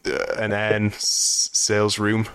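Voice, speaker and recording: A man's voice: lowish voice, monotone, slow, fairly bright tone, clear, resonant tone, dry recording. A man co-hosting a film podcast in casual chat, meandering and restarting sentences with dry humor. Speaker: podcast co-host.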